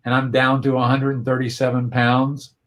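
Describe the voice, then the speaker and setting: Male interview guest, mid-pitched voice, reflective and earnest, over a video call. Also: completely flat delivery, normal speed. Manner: earnest and reflective, with frequent restarts.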